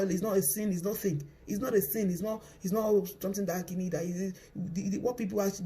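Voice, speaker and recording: A man's voice: sits high, mellow. A man, a parent, making an impassioned spoken appeal, urgent and pleading, repeating phrases over and over for emphasis.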